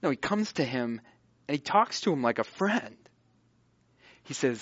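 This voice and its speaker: A man preaching a sermon, moving between hushed pleading and loud, emphatic delivery. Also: mid-range voice, very animated, measured pace, pauses often, no echo, dull audio. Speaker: pastor.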